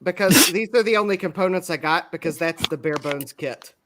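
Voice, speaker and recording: A man's voice: high-pitched, a little fast, noisy background. A man joining a live stream in casual chat, teasing the host and laughing easily.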